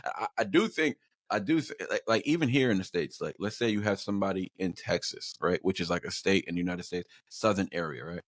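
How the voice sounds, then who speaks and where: A man's voice: low voice, brisk, dry recording, studio quality. A man, a guest telling stories in a loose, rambling way, often repeating words as he talks. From Long Island, New York. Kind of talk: casual conversation.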